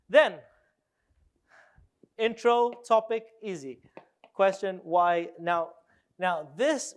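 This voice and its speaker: Brief: high-pitched male speaker, animated and playful, works the room. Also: smooth. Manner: animated, jokey, asks the audience questions. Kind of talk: live workshop talk.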